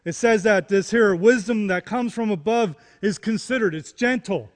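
A man's voice: sits high, moderate pace, big-room sound. A man preaching a sermon, repeating key phrases and rising into emphatic questions. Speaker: pastor.

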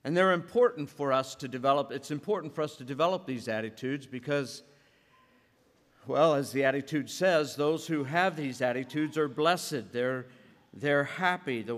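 A male pastor delivers a sermon in an earnest storytelling manner, his voice falling soft at the quieter moments. He has a mid-range pitch. The sound rings out with a long reverb, as in a church sanctuary. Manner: earnest, storytelling, sometimes hushed. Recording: echoey church hall.

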